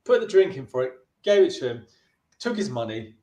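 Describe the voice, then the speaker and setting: In an echoey room, a man with a mid-range, dark-toned voice speaks briskly in a sing-song way. He's a filmmaker in an interview telling a long, chatty story, frequently restarting and slipping into brief impressions of the people involved.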